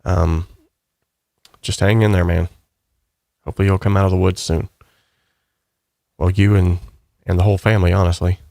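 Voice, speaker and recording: Male host, low gravelly voice, dry close sound, casual rambling comment-reading. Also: moderate pace, long pauses, dry recording. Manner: rambling, relaxed, upbeat. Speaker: channel host.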